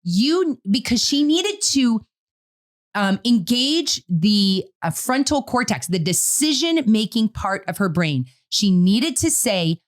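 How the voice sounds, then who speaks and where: A middle-aged woman co-hosting a casual parenting talk, telling a family story in an animated way and acting out what she said. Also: mid-range voice, measured pace. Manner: animated storytelling, quotes her own words. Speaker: podcast co-host.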